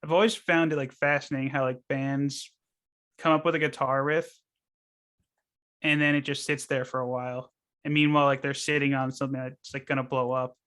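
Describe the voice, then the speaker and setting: A man's voice: medium pitch, little pitch movement, fairly quick, a bit bright. A man co-hosting a podcast in casual chat, leaning on filler words. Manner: filler-heavy, uses "like" a lot. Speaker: podcast co-host.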